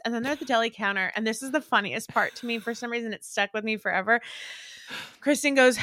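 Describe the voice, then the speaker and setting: Young female podcast co-host, lively storyteller, crisp close sound. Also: a little high, fast, no echo. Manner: animated storyteller, acts out quotes, laughs often. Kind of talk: casual chat recapping a show.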